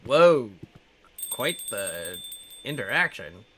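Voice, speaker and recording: A streamer talks casually over a game, reacting aloud between character lines. The pitch moves around a lot while the pace stays slow and easy. A faint hiss hangs behind the voice. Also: big pitch swings, fairly bright tone.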